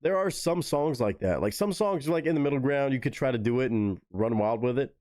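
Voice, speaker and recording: A man's voice: mid-range voice, animated, brisk, a little mellow, no echo. A man hosting a live stream, giving enthusiastic, profanity-laced commentary on a song and talking to viewers in chat. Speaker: live stream host reacting to music. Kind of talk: casual reaction commentary.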